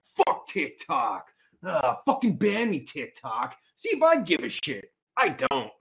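A man's voice: sits high, wildly swooping pitch, a little slow, vocal fry, fairly bright tone, husky. A man hosting a livestream, talking in a crude, rambling rant with sudden mocking outbursts. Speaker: livestream host.

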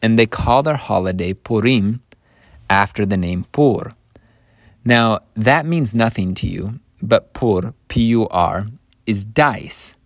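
A man telling a Bible story in a casual, animated way, with chuckling asides. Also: on the low side, slow, dry recording, studio quality.

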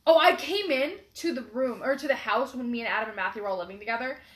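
Twenties woman, high pitch, animated profane storyteller, roomy echo. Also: fast talker. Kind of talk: casual chat, storytelling.

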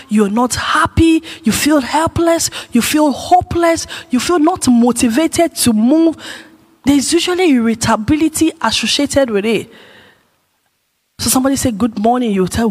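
A woman's voice: on the high side, slightly rough. A woman giving a conversational teaching talk at a church gathering, putting questions to her audience. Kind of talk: teaching talk on emotional wellness. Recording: long reverb of a hall.

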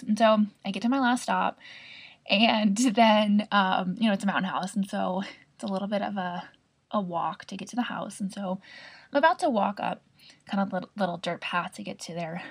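A young woman tells a personal story on her own podcast, chatty and expressive, with casual swearing along the way. Her voice sits mid-pitch with a gravelly edge. It is slightly husky rather than clean. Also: a little fast. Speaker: podcast host.

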